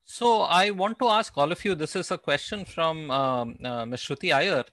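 A man's voice: a little high, moderate pace, a bit bright, no echo. A man moderating a panel discussion, reading out audience questions with frequent fillers.

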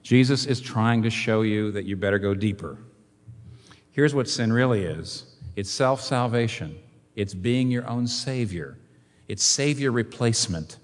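A man preaching a sermon as pastor, in an animated way full of rhetorical questions. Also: lowish voice, measured pace. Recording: long hall reverb.

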